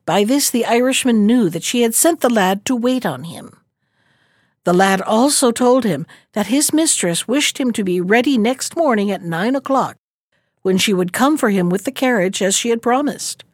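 A woman narrates an old folk tale in a measured, even way. Her voice sits slightly high. The recording is close and dry, with no room sound. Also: no room sound. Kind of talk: storybook narration.

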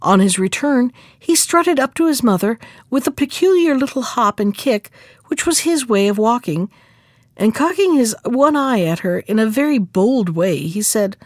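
Lively woman reading a fairy tale aloud. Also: on the high side, moderate pace, no echo, clean studio sound. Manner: expressive, storybook. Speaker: storyteller. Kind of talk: scripted fairy-tale narration.

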